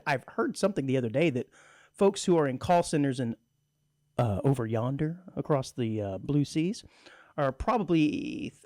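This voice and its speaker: A man hosts a radio talk show, his pitch swinging all over as he jokes and chatters. The sound is dry and close, straight into a studio mic. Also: no room sound. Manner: jokey, laughs often, animated and chatty. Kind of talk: casual radio banter.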